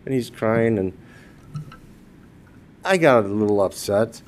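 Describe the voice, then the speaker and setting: A man's voice: fairly low pitch, lively intonation, slow, long pauses. A man in his sixties giving a eulogy for his wife, telling humorous personal stories and laughing at his own jokes. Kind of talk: funeral eulogy told as personal anecdotes.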